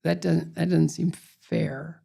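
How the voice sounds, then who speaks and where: Gravelly older man telling stories. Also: a little high, takes it slowly. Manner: animated storyteller, acts out quoted voices. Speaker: interview guest, former figure skater. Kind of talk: storytelling in conversation.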